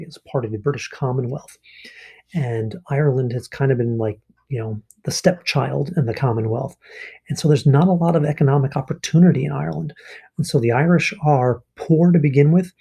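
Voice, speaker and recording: A man's voice: mid-range voice, vocal fry, mellow, breathy edge. A male history teacher explaining a lesson in a casual, conversational way, often checking in with listeners. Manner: casual, explanatory, with frequent ums and rhetorical rights. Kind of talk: recorded online lesson.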